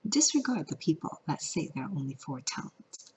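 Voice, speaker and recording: A woman's voice: low-pitched, big pitch swings, moderate pace, slightly rough. A woman from California teaching a vlog lesson, playful and singing out the example tones. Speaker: Mandarin teacher. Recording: lo-fi audio.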